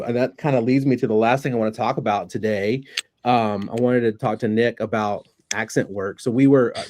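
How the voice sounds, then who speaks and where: A man's voice: lowish voice, a little mellow, a little hiss or hum. A man hosting a casual podcast chat, an actor telling stories with lots of restarts. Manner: chatty, storytelling, many restarts.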